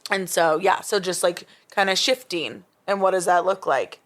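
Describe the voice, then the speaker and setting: A woman's voice: on the low side, moderate pace, a bit bright. A young woman talking as a podcast guest, rambling with many fillers and restarts. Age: young adult. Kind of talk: casual chat.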